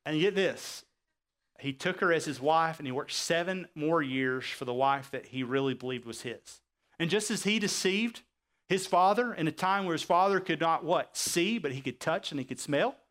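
A male pastor preaching a sermon, acting out quoted characters and often asking his congregation if they understand. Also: on the high side. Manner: animated preaching, acts out quoted voices, asks the audience questions.

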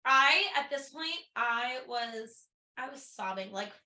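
Woman, podcast co-host, bright tone, emotional, laughing, echoey room. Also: fairly high pitch, animated, slow pace. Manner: emotional, reads passages aloud, laughs often. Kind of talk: casual book discussion podcast.

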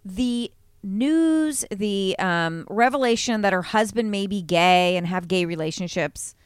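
A woman co-hosting a podcast in casual gossip chat, animated and swearing freely. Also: mid-range voice, unhurried, clean tone, dry recording, clean studio sound. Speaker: podcast co-host.

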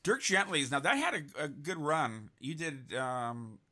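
A man's voice: fairly high pitch, animated, unhurried, sharp tone. A man hosting a casual interview, rambling with lots of restarts and fillers. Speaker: host.

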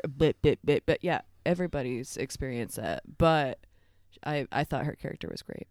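A podcast co-host chatting about a favorite movie character, giggly and animated. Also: medium pitch, normal speed, clear, resonant tone, no room sound, studio quality. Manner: giggly, animated, acts out quotes. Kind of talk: casual movie review chat.

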